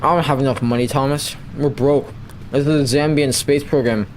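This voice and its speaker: A young man giving rambling, playful gameplay commentary, with bursts of excitement when things go his way. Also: medium pitch, moderate pace, a little hiss or hum. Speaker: gamer.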